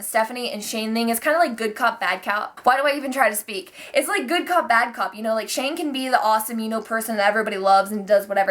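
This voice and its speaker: Young female vlogger, slightly high voice, profane casual recap. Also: fairly bright tone. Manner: profane, chatty, mimics wrestlers in quoted bits.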